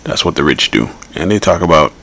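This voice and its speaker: Male podcast host, very deep voice with a gravelly fry, blunt and rambling. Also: lively intonation, fairly quick, fairly bright tone. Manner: blunt, rambling, repeats himself. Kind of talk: casual political commentary.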